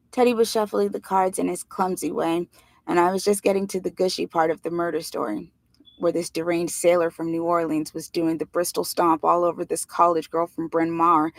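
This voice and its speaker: A woman reading a novel aloud in plain, steady first-person narration. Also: lowish voice, vocal fry, no room sound. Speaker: reader.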